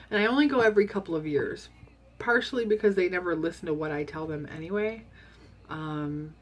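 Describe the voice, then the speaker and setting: A woman with a slightly low voice talks through her diet update in a loose, candid way. She is chatty and rambles, with plenty of ums, and she sounds like she is at home. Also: a bit bright. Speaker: vlogger sharing a diet update. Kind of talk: casual chat.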